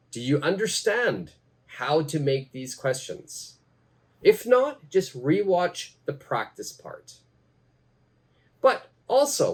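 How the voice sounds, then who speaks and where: A man leads an English lesson in an unhurried, careful way, saying each example twice so learners can follow. His voice sits a little higher than most men's, and he takes his time. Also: a little mellow. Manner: repeats phrases slowly for learners. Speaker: English teacher. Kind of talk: slow, deliberate teaching.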